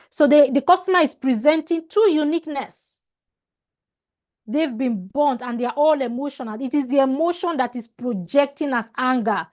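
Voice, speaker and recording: A woman with a high voice teaching a customer service class over a video call. She talks emphatically, repeats and restarts her phrases, and often stops to ask "All right?". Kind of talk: online training lecture.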